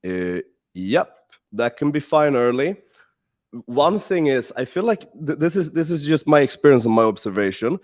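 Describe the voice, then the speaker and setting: A man whose pitch moves around a lot, talking through dating advice in a loose chat. He leans hard on key phrases and repeats them to make his point. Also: sing-song, moderate pace, no echo. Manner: emphatic, repeats phrases for stress. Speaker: dating coach. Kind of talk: casual podcast chat.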